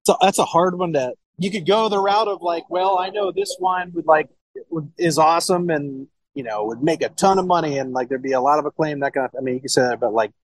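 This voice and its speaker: A man's voice: on the high side, a little fast, rough recording. A man from Ohio, a sommelier and wine shop owner, talking casually in an interview, rambling with restarts and swearing freely. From Cincinnati, Ohio, USA.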